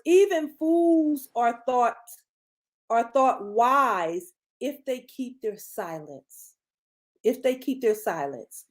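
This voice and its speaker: A woman's voice: high voice, a little mellow. A middle-aged woman, giving a motivational talk as a podcast co-host, emphatic and preachy, repeating phrases for effect.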